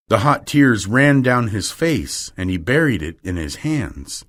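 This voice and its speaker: A man narrating a classic novel as an audiobook for English learners, reading in a clear, deliberate way. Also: on the low side, sing-song, fairly bright tone.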